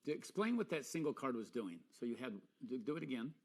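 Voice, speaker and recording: A man offers polite tips in quick, clipped bursts. His voice is husky and mid-pitched, with a relaxed workshop tone. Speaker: fellow magician giving feedback. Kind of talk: casual workshop chat.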